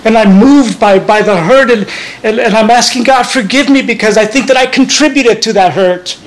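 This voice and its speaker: A man's voice: high-pitched, normal speed, poor audio. A man preaching a sermon as pastor, earnest and conversational, often restarting his phrases.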